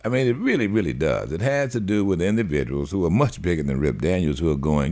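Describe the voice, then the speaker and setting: A male radio host in the middle of an opinionated monologue, his pitch swinging up and down with lively energy. He talks in a folksy, preachy way and drops little laughs between his points. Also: fast, hardly any pauses. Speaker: radio talk show host.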